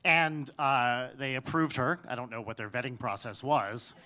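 A man's voice: medium pitch, moderate pace, bright, forceful tone. A man telling a personal story on stage in a wry, self-mocking way, often restarting his sentences.

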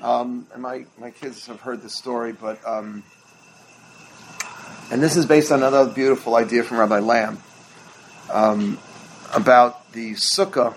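A man's voice: medium pitch, fairly even intonation, unhurried, pauses often, slight background noise, low-quality recording. A middle-aged man, a rabbi, teaching a holiday workshop in a conversational storytelling way and now and then quizzing his listeners.

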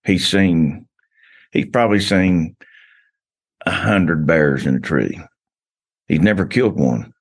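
A man's voice: deep voice, slow pace, long pauses, husky. A man, a guest on a casual podcast, telling stories in a rambling way with frequent restarts.

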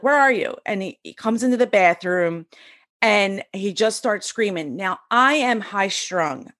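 In an interview, a woman in her forties appearing as a podcast guest animatedly recounts a personal story, voicing the characters in it. She has a mid-range voice, captured in clean studio sound with no echo.

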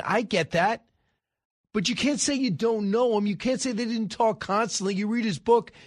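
Opinionated male talk radio host, fairly high voice, dry studio sound, sarcastic and brisk. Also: no room sound. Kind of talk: political talk radio commentary.

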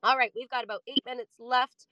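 A woman's voice: a little high, steady tone, a little fast, highs cut off. A woman hosting an online audio room, making upbeat promotional announcements and moderating. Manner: upbeat, encouraging, salesy.

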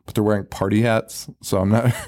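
A man's voice: lowish voice, level tone, fast, darkish tone. A man co-hosting a podcast, recapping a horror movie in casual chat, swearing freely and laughing often. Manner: profane, laughing, retells scenes in mock voices. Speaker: podcast co-host.

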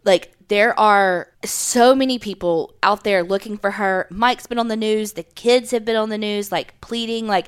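A woman's voice: mid-range voice, steady tone, moderate pace, hardly any pauses, clear, resonant tone. A woman, co-hosting a podcast and telling a true-crime story casually, swearing and acting out the people she quotes. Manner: chatty, swears, acts out quotes in voices. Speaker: podcast co-host.

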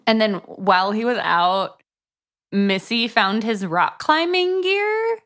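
A woman's voice: a little high, animated, slow pace, a bit bright. Dry, offhand woman podcast co-host. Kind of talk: casual book review chat.

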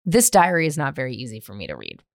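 A woman's voice: a bass voice, fast talker, creaky, no echo, studio quality. A woman in her thirties from San Francisco, hosting a solo podcast and telling a story from her teens at home, profane and rambling with lots of "like.". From San Francisco, USA. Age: 30s. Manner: profane, animated, rambling with many "like" fillers. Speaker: podcast host. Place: at home in the living room.

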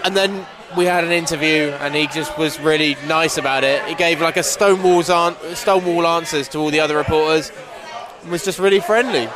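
A man with a high voice tells an excited story in relaxed chat, acting out what was said. Loud crowd chatter from a busy pub surrounds him. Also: fairly quick. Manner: excited storyteller, acts out quotes.

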